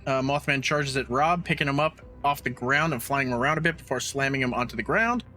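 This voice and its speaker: A man's voice: mid-range voice, brisk, bright, forceful tone, faint music behind. A man co-hosting a podcast, recapping a bad movie's plot with sarcastic, blunt, swearing commentary. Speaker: podcast co-host. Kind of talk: casual movie recap chat.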